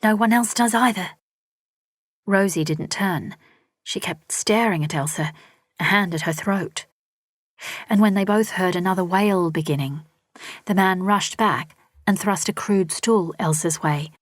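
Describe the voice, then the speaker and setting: A woman narrating a historical story in a steady, measured reading. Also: on the low side, no room sound, clean studio sound. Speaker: audiobook narrator. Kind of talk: scripted narration.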